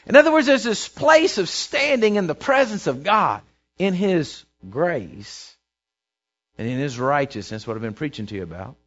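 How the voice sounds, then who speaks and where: Lively high-voiced preacher. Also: male voice, moderate pace. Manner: conversational, checks in with listeners, shifts to soft quiet voice for prayers. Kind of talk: sermon. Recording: dull lo-fi recording.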